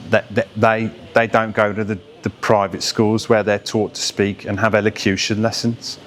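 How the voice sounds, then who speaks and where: A man from the West Midlands, a voice coach who speaks with a Received Pronunciation accent and explains sounds in an animated way, demonstrating them as he goes. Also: on the low side, normal speed, few pauses. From West Midlands of England. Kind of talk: explanatory talk to camera.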